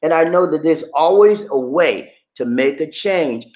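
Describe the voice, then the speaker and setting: A man giving casual money advice in an animated way, laughing often and acting out phone calls. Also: fairly high pitch, unhurried, echoey room, poor audio. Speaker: personal finance vlogger.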